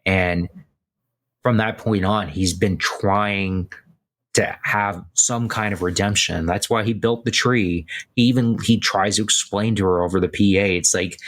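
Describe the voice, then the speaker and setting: Low-voiced man rambling about a film. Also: steady tone, measured pace, fairly bright tone. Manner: rambling, frequent "like" and "right?". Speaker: podcast host. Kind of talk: casual film discussion.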